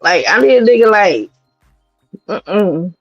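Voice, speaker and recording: A woman from New York City hosting a livestream, talking in a blunt, profane and animated way as she gives her commentary. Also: medium pitch, slow, no room sound, lo-fi sound, faint music behind. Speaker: streamer host.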